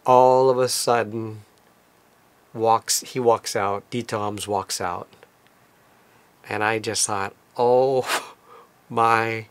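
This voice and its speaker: A man casually recounting a trip as a vlogger, in a relaxed, conversational storytelling manner. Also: on the low side. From lives in Tokyo. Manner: relaxed, conversational retelling with fillers.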